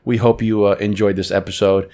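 A man's voice: on the low side, level tone, a little fast, darkish tone. A young man co-hosting a casual podcast, telling stories loosely and joking, swearing often. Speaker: podcast co-host. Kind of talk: casual chat.

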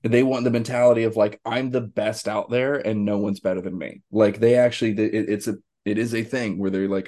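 A man co-hosting a podcast, chatting casually about sports in a rambling, animated way with many restarts. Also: fairly low pitch, quick pace, few pauses. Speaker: podcast co-host.

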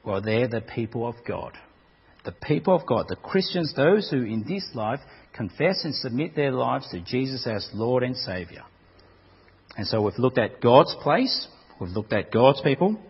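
A man's voice: mid-range voice, big pitch swings, normal speed, slightly rough. A man preaching a sermon in a dramatic way, often repeating words as he goes. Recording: dull recording with long hall reverb.

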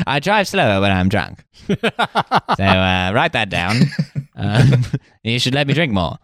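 A man's voice: mid-range voice, big pitch swings, slow pace, fairly bright tone, no echo, clean studio sound. A man co-hosting a casual comedy history podcast, reading from notes and breaking off into jokey asides. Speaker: podcast co-host.

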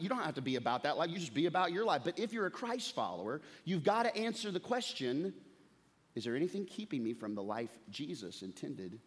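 Thirtysomething pastor guy giving a sermon, chatty and joking, voice a little high. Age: 30s. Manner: conversational, storytelling, humorous.

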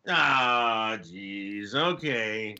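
A man hosting a podcast, joking and reacting quickly in a casual interview chat. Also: fairly low pitch, bright, forceful tone. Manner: jokey, quick reactions, teasing. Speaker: podcast host. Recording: slightly dull lo-fi sound.

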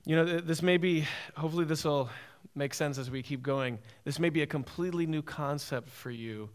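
A man's voice: fairly high pitch, fairly quick. A man preaching a sermon, emphatic and repetitive, often asking "right?".

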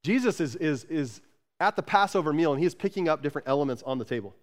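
Pastor guy preaching, fairly high voice, gets loud then goes soft, repeats himself a lot. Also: fast. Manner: energetic, repeats words, rises and drops for emphasis. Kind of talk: sermon.

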